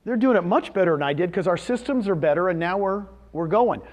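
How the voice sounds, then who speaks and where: A man's voice: high-pitched, dull audio. A man giving a live seminar talk to real estate agents, telling success stories and firing questions at the audience. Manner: animated, storytelling with quick questions to the audience. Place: meeting room with a live audience.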